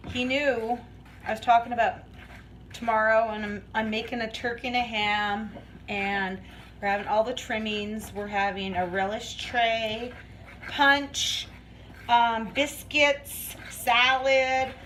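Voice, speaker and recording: Woman vlogger, unhurried kitchen chat, rambling and giggly, faint background hum. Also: on the high side, flat delivery, a bit bright, poor audio. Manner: chatty, rambling, laughs often. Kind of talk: casual chat while baking. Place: home kitchen.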